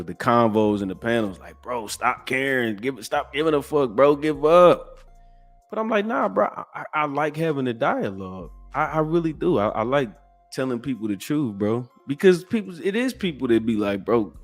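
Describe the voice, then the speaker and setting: A man in his forties hosting a podcast, ranting bluntly and profanely, jumping from loud outbursts to low, sighing asides. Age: 40s. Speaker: podcast host. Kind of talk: ranting commentary.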